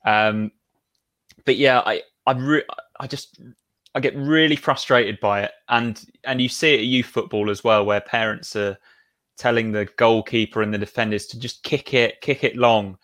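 Animated man ranting about football. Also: medium pitch, moderate pace. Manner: animated, opinionated, restarts often. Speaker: podcast co-host. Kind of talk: casual football podcast chat.

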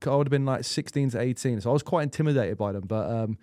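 A quick-talking man in his thirties tells rambling, swear-laced stories on a podcast. His voice sits at a middling pitch. The sound is close and dry, with no room echo. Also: mellow. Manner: chatty, rambling anecdotes with frequent restarts and swearing. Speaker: guest goalkeeper. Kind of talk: casual storytelling chat.

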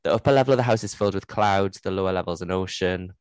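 A woman's voice: a bass voice, quick pace, a little mellow, clean tone, no room sound. A young woman with a Geordie accent, co-hosting a casual book chat, laughing often and swearing freely. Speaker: podcast co-host.

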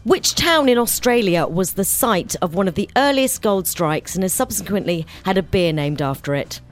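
A woman producer reading out quiz questions in a brisk, matter-of-fact way. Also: medium pitch, lively intonation.

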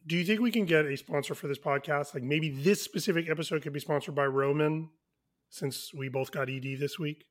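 Higher-voiced man telling a podcast story. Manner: animated anecdote-telling, quick asides. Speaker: podcast co-host. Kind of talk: casual chat, storytelling.

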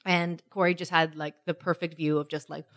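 A woman co-hosting a casual chat, telling stories in an animated way, swearing freely and acting out what people said. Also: low-pitched, a little fast. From Canada.

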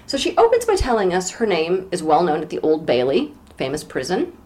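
A woman's voice: lowish voice, wildly swooping pitch, fairly quick, a little mellow. Wry woman co-hosting a book podcast. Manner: wry, joking asides. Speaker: podcast co-host. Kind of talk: casual book discussion.

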